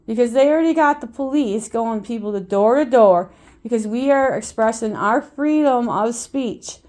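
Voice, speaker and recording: A woman talks straight to her phone at home in a loose vlog monologue. Her voice sits a little high, and she rambles with feeling, often doubling back to repeat a word. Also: a little mellow. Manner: rambling and impassioned, repeats words. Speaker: vlogger and mother.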